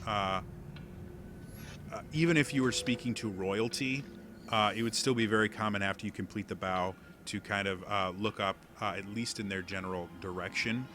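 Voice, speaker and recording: Game master, male, lower pitch, unpolished delivery full of fillers, noisy recording. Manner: halting narration with many fillers. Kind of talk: narrating a tabletop game. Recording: steady background noise.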